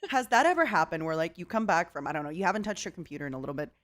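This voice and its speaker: A young woman hosting a casual chat on her stream, giggly and animated, laughing often. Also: sits low, very fast. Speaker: VTuber host. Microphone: XLR microphone.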